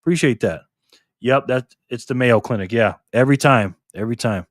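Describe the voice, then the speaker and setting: A man's voice: mid-range voice, fairly quick, dry recording, studio quality. A man from Rochester, New York, hosting a live stream and chatting casually with viewers, greeting them by name as he reads their comments aloud. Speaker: livestream host.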